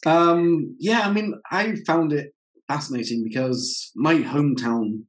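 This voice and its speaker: A man who teaches English, hosting a casual interview and telling lively stories in which he quotes himself. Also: a little high, measured pace, low-quality recording. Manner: animated storyteller, quotes himself in reported speech.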